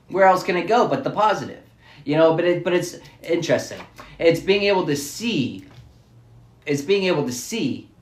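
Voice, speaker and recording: A man's voice: fairly high pitch, reverberant. A man musing through a rambling, repetitive spiritual monologue, looping back over his phrases as he thinks aloud.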